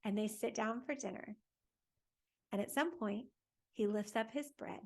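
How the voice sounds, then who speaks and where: A woman hosting a faith lesson for families, telling a Bible story to children in a lively, conversational way and asking her listeners questions as she goes. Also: a little high, unhurried. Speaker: catechist host for families.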